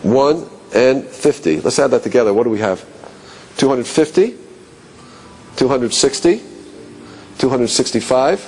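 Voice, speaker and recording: A man teaching a class, asking rhetorical questions and musing aloud, dropping low and quiet on key points. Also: expressive, unhurried, pauses often, a little hiss or hum. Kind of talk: classroom lecture.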